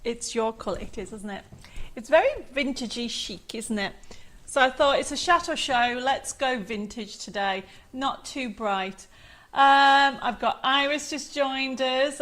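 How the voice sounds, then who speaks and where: Bubbly lady reading out viewer comments on a live stream, kinda high voice, rambly and chatty. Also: fairly bright tone. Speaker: host of a live craft show. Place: home studio.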